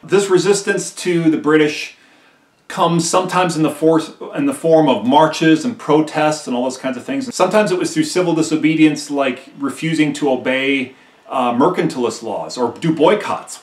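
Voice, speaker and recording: A man's voice: medium pitch, roomy sound, distant mic. A male history teacher giving a conversational recorded lecture, who often checks in with "right?" and acts out quotes emphatically.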